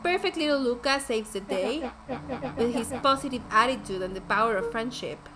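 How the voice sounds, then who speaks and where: A woman voicing a bitter, cursed young male monster in a game, speaking low and muffled with resentment. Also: expressive, normal speed, noisy background, natural voice. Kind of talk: reading game dialogue aloud.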